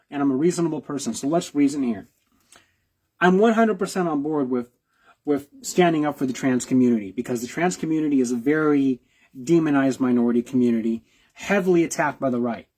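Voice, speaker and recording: A man's voice: fairly high pitch, expressive, fairly quick, darkish tone, husky. A man, a video blogger, giving reaction commentary, repeating himself with rhetorical questions and restarts.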